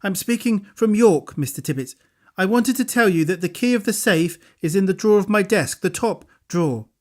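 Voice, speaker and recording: A man voicing a spirited, forthright young woman in an audiobook, with an exclaiming falsetto delivery. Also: expressive, normal speed, a little mellow. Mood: puzzled. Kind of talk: audiobook character voice.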